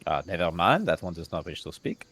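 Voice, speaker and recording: A man's voice: deep voice, sing-song, a little fast, a crowd in the background. A man playing a pompous male adventurer with a French accent while gaming, music behind. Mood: theatrical. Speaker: podcast player. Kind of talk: tabletop-style game role-play.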